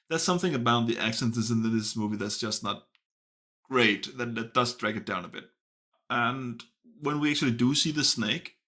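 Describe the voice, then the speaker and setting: A movie reviewer gives a casual spoken film review in a pushed, bright, medium-pitched voice. He sounds hesitant, stopping often to restart and correct himself.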